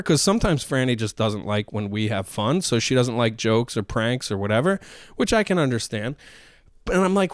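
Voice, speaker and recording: A man's voice: medium pitch, sing-song, normal speed, dry recording, clean studio sound. A man hosting a solo comedy podcast, telling a rambling, self-mocking story with goofy asides. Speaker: podcast host.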